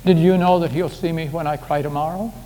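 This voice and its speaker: A man's voice: on the high side, fairly even intonation, brisk, dark tone. A man preaching a sermon as pastor, in a folksy, conversational way full of homely anecdotes, recorded in a church sanctuary. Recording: echoey hall with faint background hiss.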